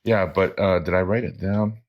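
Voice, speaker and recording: Deep-voiced, rambling podcast co-host. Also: male voice, steady tone, moderate pace, highs cut off. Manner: rambling, self-correcting, drinking beer on air. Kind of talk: casual chat.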